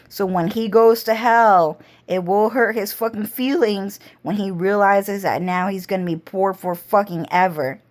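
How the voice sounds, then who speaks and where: A woman telling a rambling story to her camera, cursing constantly. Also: medium pitch. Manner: rambling, heavy cursing, slow drawl. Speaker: vlogger. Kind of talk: casual storytelling monologue.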